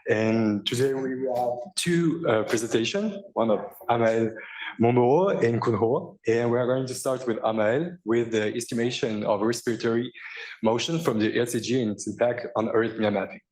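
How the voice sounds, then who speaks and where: A man's voice: mid-range voice, moderate pace, a little mellow, poor audio. A man, a PhD student, hosting a scientific seminar and briefly, somewhat hesitantly introducing the speakers. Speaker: PhD student, session host.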